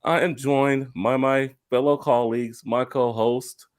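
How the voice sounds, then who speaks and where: A man's voice: mid-range voice, flat delivery, measured pace, hardly any pauses, clean tone. A young man hosting a casual gaming podcast, opening with playful, upbeat introductions of his co-hosts. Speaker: podcast host.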